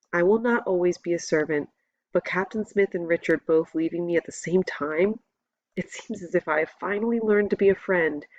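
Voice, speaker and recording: A woman reading a novel aloud as a first-person audiobook narrator, in a steady, measured storytelling voice. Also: fairly low pitch, no echo, dull audio.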